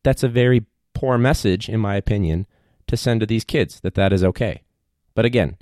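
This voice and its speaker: A man with a fairly low voice talks in a loose, wry way about his days as a teacher, dropping swear words freely. The sound is dry, with no room around it. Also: moderate pace, a little mellow, no echo. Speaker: high school teacher. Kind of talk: casual vlog monologue.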